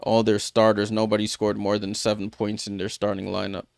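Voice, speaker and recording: A man's voice: on the low side, completely flat delivery, a little fast, vocal fry, smooth, dry recording, studio quality. A man hosting a live sports watchalong, recapping scores in a loose, chatty way with lots of fillers and answering viewers by name. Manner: loose, filler-heavy recap with many restarts. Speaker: watchalong host. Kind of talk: casual live-stream commentary.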